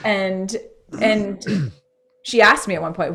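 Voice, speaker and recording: On a podcast, a woman guest with a medium-pitched voice speaks slowly, telling a personal story in an earnest, reflective way during a casual interview. She acts out remembered dialogue in lively voices.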